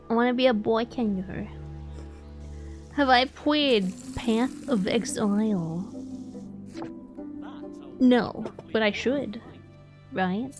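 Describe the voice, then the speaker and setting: A young woman streaming a game live, chatting casually, laughing often and answering her chat. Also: fairly high pitch.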